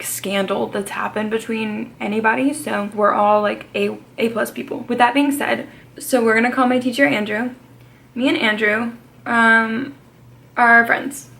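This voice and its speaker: A woman's voice: fairly high pitch, creaky, fairly bright tone. A young woman vlogger telling a dramatic personal story in a chatty, casual way. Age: young adult. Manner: chatty, dramatic, swears and laughs often.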